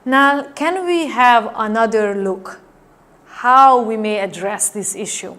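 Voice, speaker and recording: A woman's voice: a little high, slow, a bit bright. A woman teaching a training class, explaining her points with demonstrations and often asking her listeners "right?". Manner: demonstrative, acts out tone changes and asks the class "right?". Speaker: NLP trainer. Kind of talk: classroom lecture.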